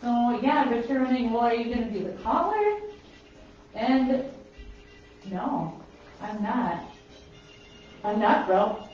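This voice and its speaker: With soft music in the background, a Minnesotan pet portrait artist talks casually while painting from across a roomy studio. Her fairly high, expressive voice has a darkish tone, slow delivery, and long pauses, and she's chatty, rambling, and self-mocking. The sound is roomy, distant, and a bit dull.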